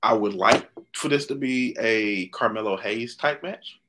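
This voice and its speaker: A man co-hosting a podcast in casual chat, animated and opinionated, often restarting his sentences. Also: fairly low pitch, unhurried, noisy background. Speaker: podcast co-host.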